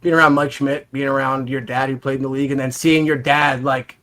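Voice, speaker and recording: A man's voice: medium pitch, flat delivery, a little fast, sharp tone. A man hosting a podcast, asking long rambling questions in a casual, buddy-like way. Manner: rambling questions, says "dude" a lot. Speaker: podcast host. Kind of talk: casual chat.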